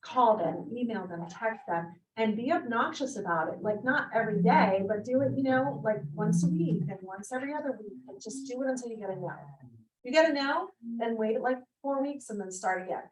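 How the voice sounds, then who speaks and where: A woman's voice: a little high, animated, brisk, a little hiss or hum. A woman real estate agent sharing advice at a team meeting, emphatic and direct, repeating her points. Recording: echoey room, voice from far off.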